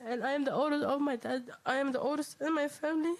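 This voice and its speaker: High-voiced young woman, emotional eulogy. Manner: halting, stumbling over words. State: emotional, close to tears. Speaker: eldest daughter giving a eulogy. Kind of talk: eulogy at a family funeral service. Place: funeral home chapel.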